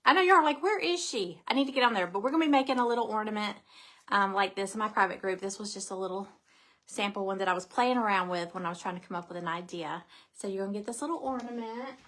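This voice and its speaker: A woman's voice: medium pitch, quick pace, fairly bright tone. A middle-aged woman chats through a craft live stream. Her talk is bubbly and rambling, full of little asides and friendly greetings to viewers by name. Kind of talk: casual live-stream chat.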